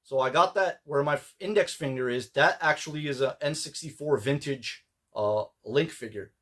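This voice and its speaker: A man's voice: fairly high pitch, normal speed, fairly bright tone. A man chatting casually about his collectible pickups, rambling with many fillers and restarts. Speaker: collector vlogger.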